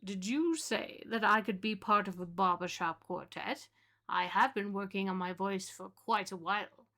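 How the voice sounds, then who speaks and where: A woman voicing a posh, pompous male gentleman with a put-on British accent and a menacing streak. He speaks in an affected drawl. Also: mid-range voice, normal speed. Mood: genteel.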